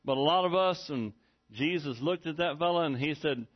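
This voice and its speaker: A middle-aged pastor delivering a sermon with a folksy, chuckling storyteller's touch. His voice sits a little high for a man. The recording sounds dull and muffled. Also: moderate pace. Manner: folksy storytelling, laughs often.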